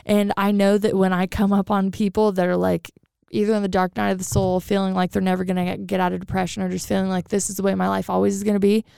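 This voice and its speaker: A chatty woman hosting a podcast, talking in a casual, animated way. Her voice is smooth but has a gravelly edge, and it sounds close and dry. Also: medium pitch, fast, hardly any pauses, dry recording. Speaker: podcast co-host. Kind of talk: casual chat.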